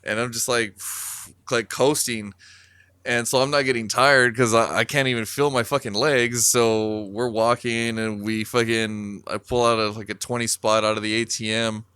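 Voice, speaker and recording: A man's voice: medium pitch, steady tone, moderate pace, pushed and bright, smooth, dry recording. A man co-hosting a podcast, telling a rambling story casually with lots of swearing and filler words. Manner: rambling, profane, many fillers. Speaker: podcast co-host.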